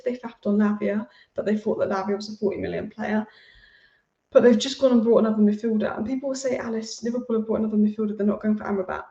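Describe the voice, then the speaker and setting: Woman football vlogger, rapid and opinionated, warm voice, slightly dull and echoey sound. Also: medium pitch, far from the mic. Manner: opinionated, rapid, repeats names for emphasis. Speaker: football transfer news host. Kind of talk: casual fan commentary. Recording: roomy, slightly dull home recording.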